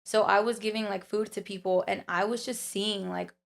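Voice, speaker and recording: A woman's voice: medium pitch, steady tone, moderate pace, gravelly. A young woman telling personal stories in casual chat as a podcast guest, full of fillers and acted-out quotes. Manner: storytelling with many fillers and quoted voices.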